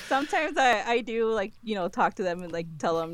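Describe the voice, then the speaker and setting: A woman's voice: medium pitch, lively intonation, measured pace, long pauses, no echo. A woman with a slight Minnesota accent, chatting casually as a podcast guest co-host, laughing often and using lots of fillers.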